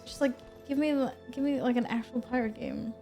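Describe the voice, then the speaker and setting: A chatty woman streaming a game, who chats casually with her viewers, answers their messages and laughs often. Her voice sits a bit high, and faint game music plays behind her. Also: fairly even intonation, a little fast, warm tone. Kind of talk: casual gaming stream chat.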